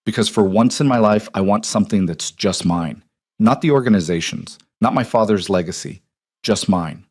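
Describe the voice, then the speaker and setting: A man's voice: lowish voice, moderate pace, a little mellow, husky, dry recording, clean studio sound. A man reading a guarded young mafia boss. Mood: tender.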